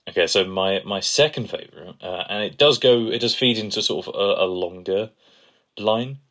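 Co-host, man, very low voice, playful and gushing. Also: normal speed, a bit bright. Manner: playful, enthusiastic, gushes over quotes. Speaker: podcast co-host. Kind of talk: casual chat.

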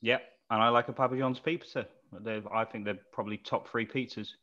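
A man's voice: medium pitch, little pitch movement, fast, pushed and bright. A man hosting a casual football fan podcast, joking dryly and steering the chat to its close. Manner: dry, joking, wraps up the chat. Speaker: podcast host. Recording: dull lo-fi recording.

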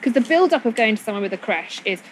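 A woman in casual chat, rambling quickly and laughing often. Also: fairly high pitch, animated, a little hiss or hum, poor audio.

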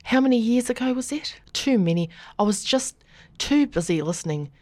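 A woman's voice: a little high, expressive, moderate pace, a little mellow, dry recording. An Australian woman hosting a podcast in casual, chatty conversation, laughing often. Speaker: podcast host. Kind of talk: casual chat.

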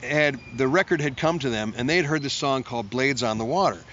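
A man's voice: medium pitch, fairly quick, fairly bright tone, lo-fi sound, a little hiss or hum. A man, a musician, telling long stories in a casual interview, full of restarts and acted-out quotes. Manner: rambling, self-interrupting, acts out quotes in a raised voice. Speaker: musician guest.

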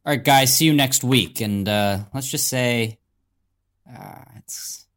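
A young man bantering as a podcast co-host, trailing into fillers and restarts. His voice sits at a plain middle male pitch. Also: moderate pace, fairly bright tone. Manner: hesitant, filler-heavy. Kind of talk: casual banter.

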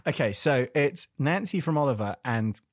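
A man's voice: mid-range voice, animated, normal speed, no echo, clean studio sound. A man co-hosting a casual film podcast, rambling and joking, laughing often. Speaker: podcast co-host. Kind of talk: casual chat about films.

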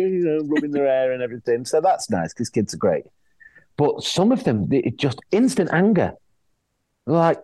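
A middle-aged man with a slightly high voice speaks at a normal pace on a clip with no echo. He's an actor guest in a casual chat, animatedly telling anecdotes, doing the voices of the people he quotes and often restarting.

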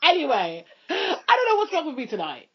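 A woman hosting a loose, casual chat, rattling along with fillers and asides. Her voice sits fairly high. The sound is muffled and lo-fi. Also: huge pitch swings. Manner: chatty, quick, full of fillers like "you know". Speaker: podcast host. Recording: muffled lo-fi recording.

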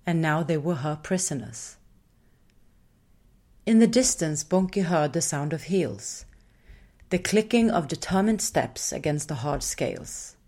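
Slow, low-voiced woman narrating a storybook. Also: darkish tone.

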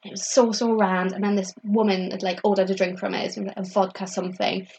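A young woman spins a story in relaxed conversation. Her speech is loose and chatty, packed with "like" fillers, and she slips into the voices of the people she quotes. Her pitch sits in the middle of the range for a woman. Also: fast, a little hiss or hum. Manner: laughs often mid-story. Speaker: comedian guest telling stories. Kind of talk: casual chat, storytelling.

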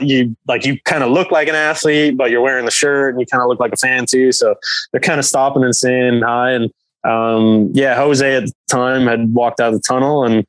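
A man's voice: mid-range voice, fairly bright tone, no echo, rough recording. A man from England, a professional hockey player guesting on a podcast, telling a story in a rambling way full of fillers. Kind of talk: casual storytelling.

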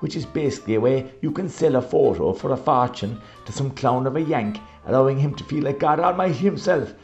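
A man's voice: medium pitch, lively intonation, brisk, a little mellow, lo-fi sound, soft background music, natural voice. A man playing a folksy Irish countryman. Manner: folksy, rambling. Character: rambling rural Irish countryman.

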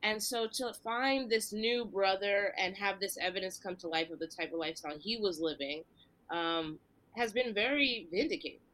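A woman's voice: medium pitch, moderate pace, a bit bright. A woman from the Philadelphia area hosting a casual podcast chat, earnest and reflective, thinking aloud in long runs. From Delaware County, Philadelphia area. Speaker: podcast host and comedian.

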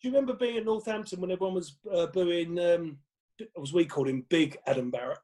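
A man, a guest comedian telling animated stories in casual chat and acting out quotes with laughs. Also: high voice, quick pace.

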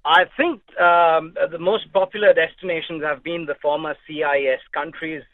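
A man's voice: a little high, steady tone, normal speed, no echo. A man from India, a travel journalist, chatting as a radio guest on a phone line, rambling with many ums and the odd joke. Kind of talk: casual radio interview.

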